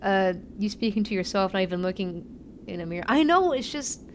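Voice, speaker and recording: A woman streaming a game live, chatty and rambling, thinking out loud and easily moved. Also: mid-range voice, lively intonation, a little fast, slight background noise. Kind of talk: live gameplay commentary.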